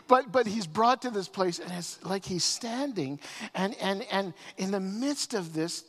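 A man preaching a sermon as pastor, often repeating words as he starts phrases and swinging between loud emphasis and quiet. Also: high voice. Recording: long reverb of a hall.

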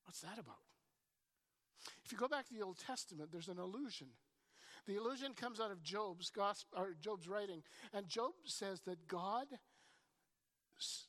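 A woman delivers a sermon, retelling the story with lively energy and a habit of repeating words as she gets going. Her voice sits at a middle pitch for a woman. A long reverb trails her words, as in a large hall. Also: moderate pace. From Canada. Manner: animated storytelling, often repeats words when starting a thought. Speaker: preacher.

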